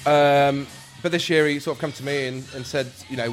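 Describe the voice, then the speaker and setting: A man's voice: medium pitch, fairly even intonation, a little fast. A man who runs a scare attraction, answering interview questions in a rambling way with many ums and restarts. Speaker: attraction creator. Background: faint music.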